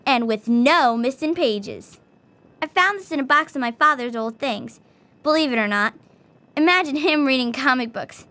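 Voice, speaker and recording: A woman's voice: sits high, fairly bright tone. A woman voicing a cheerful young girl who teases her friend playfully in video game dialogue. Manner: bubbly and teasing.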